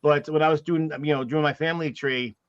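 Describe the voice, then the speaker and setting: A man's voice: on the high side, fairly even intonation, fairly quick, clean tone, no echo, muffled recording. New Jersey man telling stories, dry sound. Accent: New York-New Jersey. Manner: storytelling, laughing, restarts. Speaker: podcast co-host. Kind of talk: casual chat.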